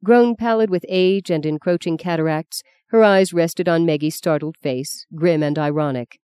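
A woman narrating a novel in a measured, even storytelling manner on a close mic. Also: low voice, smooth, dry recording. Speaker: audiobook narrator. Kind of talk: scripted narration.

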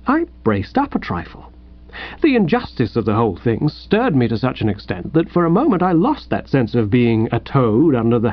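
A man reading a first-person comic story aloud in a wry, lively storytelling manner. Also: mid-range voice, no room sound, highs cut off. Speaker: audiobook narrator.

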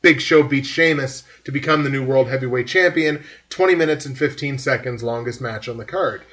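A man's voice: mid-range voice, a little fast, a bit bright. A man hosting a podcast, giving a rambling, filler-heavy breakdown in casual chat. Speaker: podcast host.

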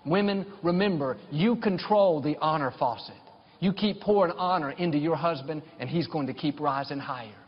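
In a dull-sounding hall with long reverb, a middle-aged pastor preaches, recounting personal experiences and building to ardent declarations of blessing. His pitch is fairly high, his pace moderate, and his voice has a breathy edge.

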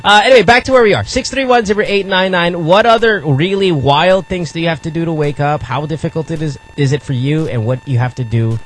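A man's voice: fairly high pitch, brisk, few pauses, a little hiss or hum, poor audio. A man hosting a radio call-in show, joking and rambling as he teases callers in casual banter. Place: radio studio.

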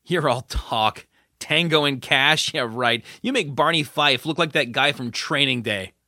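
A fierce teenage girl, cold and defiant, read by a man. She speaks low and taunting, recorded close and dry, with a bright edge. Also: unhurried, dry recording.

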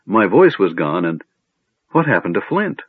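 A man voicing a small, cheerful male kender who rambles on in breathless excitement. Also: low voice, unhurried, husky, no echo, full character voice. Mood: excited. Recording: narrow phone-like sound.

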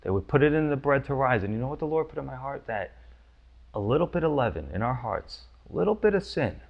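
A man's voice: medium pitch, sing-song, quick pace, creaky, phone-quality sound. A man preaching a sermon, teaching verse by verse with emphatic, urgent questions. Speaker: pastor.

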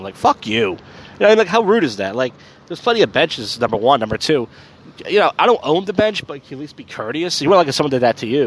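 Speaking in a husky, fairly bright voice of medium pitch, a drunk podcast host rambles crudely and mocks himself. His casual monologue is streamed live from a city street at night.

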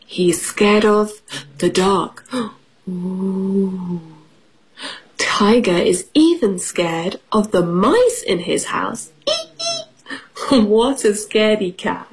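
A woman's voice: mid-range voice, takes it slowly, husky. A woman teaching English on the radio, reading a children's storybook playfully, with sound effects and questions for the children.

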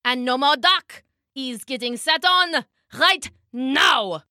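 A greedy tyrant king in a storybook, shrieking and ranting at his subjects, as a woman reader puts him on. The voice sits fairly high and bright, and it is recorded close and dry. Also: lively intonation, measured pace, no echo, full character voice. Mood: angry ranting.

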